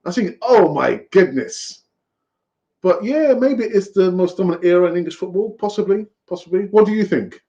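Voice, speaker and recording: A man's voice: sits high, quick pace, hardly any pauses, mellow. A man hosting a fan live stream, talking in a rambling, chatty way with fillers and laughs, over lo-fi stream audio. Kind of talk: casual live-stream chat.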